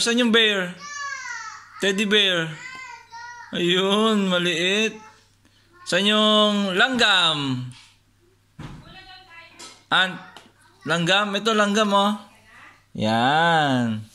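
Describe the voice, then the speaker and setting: A father with a Filipino accent patiently quizzes his toddler with picture cards, coaxing answers and praising each correct one. His high-pitched voice is pushed and bright, very slow with frequent pauses, over slight background noise.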